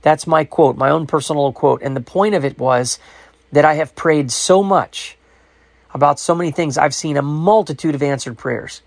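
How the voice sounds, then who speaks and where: Earnest man with a higher voice. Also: normal speed, creaky. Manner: earnest, reflective. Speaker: podcast host with a ministry. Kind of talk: personal religious commentary.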